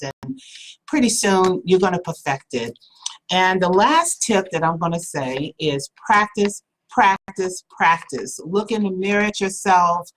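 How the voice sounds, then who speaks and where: A woman hosting an online webinar, giving speaking tips in a chatty, casual way with fillers and small laughs. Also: on the low side. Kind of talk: casual instructional talk.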